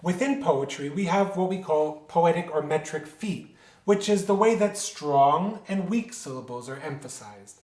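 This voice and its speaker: A man's voice: fairly high pitch, expressive, a little slow, a little mellow. A man giving an instructional music lecture, explaining step by step and asking himself questions before answering them. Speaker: music teacher. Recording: roomy echo.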